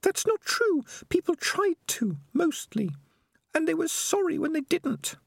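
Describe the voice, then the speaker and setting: A man voicing a gentle, anxious young female rat in a soft, pleading falsetto. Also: very animated, unhurried, gravelly, dry recording, studio quality, exaggerated voice.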